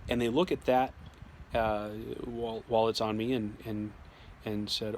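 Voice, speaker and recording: A man's voice: fairly low pitch, flat delivery, moderate pace. A man telling a personal story in a casual, conversational way, often restarting his sentences and acting out what was said to him. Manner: conversational, with frequent restarts and quoted dialogue. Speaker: storyteller sharing a personal experience. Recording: loud background noise.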